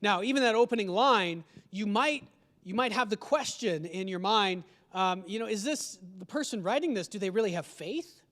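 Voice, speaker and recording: In a church sanctuary, a male pastor with a high-pitched, expressive, slightly bright voice preaches at normal speed. He keeps it conversational, asking his congregation questions, and the hall gives his voice a long reverb.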